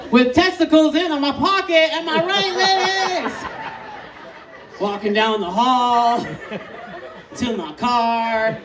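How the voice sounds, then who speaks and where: A high-pitched woman performs stand-up at an easy, unhurried pace, laughing through her stories. She is heard from a distance in a roomy outdoor space, with a loud crowd and steady noise behind her. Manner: loud, laughing, acts out voices of old men and patients. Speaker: stand-up comedian. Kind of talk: stand-up comedy set. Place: outdoor show.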